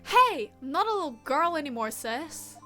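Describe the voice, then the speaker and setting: A woman's voice: high voice, sing-song, moderate pace, pushed and bright, soft background music, exaggerated voice. A woman reading the lines of a spirited young woman teasing her older sister. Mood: playful. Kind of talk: reading game dialogue aloud.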